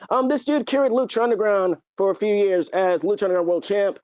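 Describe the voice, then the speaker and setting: A man talks in a loose, rambling podcast chat, full of ums and restarts. His voice sits a bit high, and the recording is dull and lo-fi. The sound is dry, with no room around it. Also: fast, few pauses, dry recording. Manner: rambling, filler-heavy, excitable. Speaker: podcast co-host. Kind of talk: casual wrestling chat.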